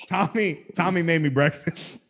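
A man's voice: fairly high pitch, normal speed, creaky, fairly bright tone. A man hosting a podcast, telling a story in casual chat, rambling and profane, with many restarts. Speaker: podcast host.

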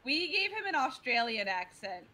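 A woman streaming a video game and chatting with a friend, laughing often and talking excitably. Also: high voice, normal speed. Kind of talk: casual gaming chat.

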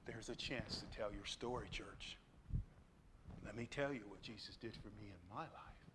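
A man preaching a sermon to his church in an animated way, with sudden loud exclamations and asides to the congregation. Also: lowish voice, normal speed, noisy background. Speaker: pastor. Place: church sanctuary.

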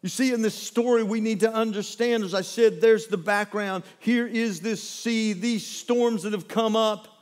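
High-voiced male pastor preaching animatedly. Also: normal speed, few pauses, long reverb tail. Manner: animated dramatic storytelling, shifting between hushed and loud. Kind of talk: sermon.

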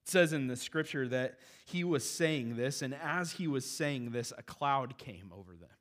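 A man preaching a sermon in a conversational, animated way, with casual asides to the congregation. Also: mid-range voice, moderate pace. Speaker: pastor.

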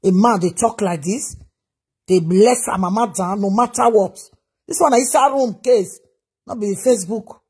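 A woman's voice: mid-range voice, normal speed, a little mellow, husky. A Nigerian woman giving a reaction vlog, lecturing in a preachy way and repeating her advice over and over. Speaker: commentator.

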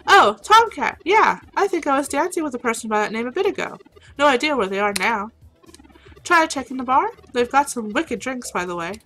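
A woman voicing a chatty, excited dancer at a club, upbeat in manner. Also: high-pitched, brisk, faint music behind, pitched above the performer's own voice, rough recording.

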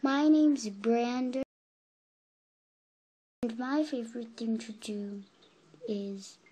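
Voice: medium pitch, takes it slowly, warm tone, slightly rough, rough recording. A child voicing an unsure boy pet who answers hesitantly.

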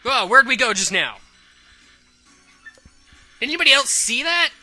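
A woman gives casual, jokey gameplay commentary, slangy and quick to get excited. Her voice is very bright and lively in pitch, with faint music underneath. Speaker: let's play host.

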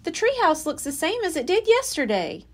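A woman's voice: very high-pitched, moderate pace, voice pushed up. A woman voicing a bold, eager little girl who keeps urging her brother on. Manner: excited, urging, breathy whispers at times.

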